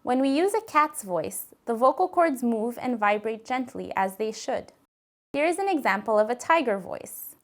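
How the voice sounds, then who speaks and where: Woman narrating a voice care lesson, slightly high voice, calm and clear, gently instructive. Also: moderate pace.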